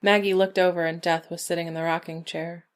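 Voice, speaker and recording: A woman narrating a short story in a measured, even reading. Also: on the low side. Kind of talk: scripted narration.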